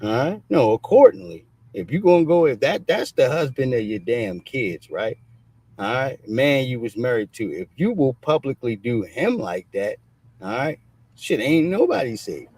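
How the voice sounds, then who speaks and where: A husky man talks loosely on a stream, blunt and streetwise, peppering everything with "all right." His voice has a breathy edge at an ordinary middle pitch. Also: sing-song, moderate pace, darkish tone, no room sound. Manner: loose, repetitive, keeps saying "all right"; blunt, streetwise slang, swearing. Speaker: show host. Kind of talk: casual commentary on a livestream. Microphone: streaming mic.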